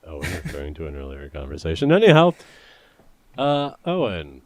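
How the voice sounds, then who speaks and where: A man's voice: extremely low pitch, huge pitch swings, moderate pace, no echo. A young man co-hosting a casual podcast, playful and jokey as he reads out listener mail. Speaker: podcast co-host.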